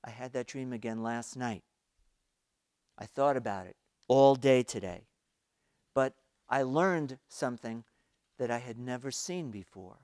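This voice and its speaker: A man voicing a young son who speaks quietly and earnestly to his father in a sermon illustration. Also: mid-range voice, unhurried, pauses often, smooth, no room sound, studio quality, natural voice. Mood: pleading.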